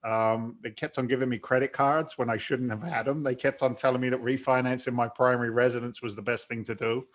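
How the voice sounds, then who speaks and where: Appearing as an interview guest, this London-born real estate investor in his forties talks bluntly and casually, breaking into frequent laughter. He has a blend of London English and Boston in his accent. His voice is medium-pitched and steady, fairly quick with few pauses.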